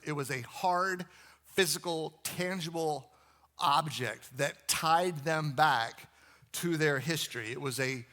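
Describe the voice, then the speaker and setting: Bright-voiced man preaching a sermon. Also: fairly high pitch. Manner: conversational storytelling with asides to the congregation. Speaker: pastor.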